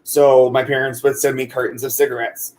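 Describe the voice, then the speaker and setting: A man's voice: mid-range voice, level tone, fairly quick, a little mellow. A man co-hosting a casual chat while crocheting, rambling with many fillers and restarts. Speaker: co-host.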